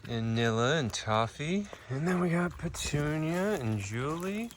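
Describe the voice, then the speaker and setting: A man's voice: a little high, unhurried, slight background noise. A man keeping an animal sanctuary, chatting casually on his vlog and cooing affectionately at the animals outdoors. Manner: cooing baby talk to the animals, relaxed explaining. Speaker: animal sanctuary keeper and vlogger.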